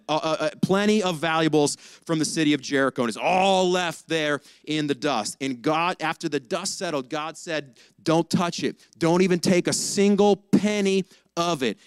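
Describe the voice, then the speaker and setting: A man's voice: fairly high pitch, clean tone, dry recording. A young man giving a casual sermon, telling a story with slang and acting out the voices. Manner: animated storytelling, acts out dialogue, slangy. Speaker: pastor.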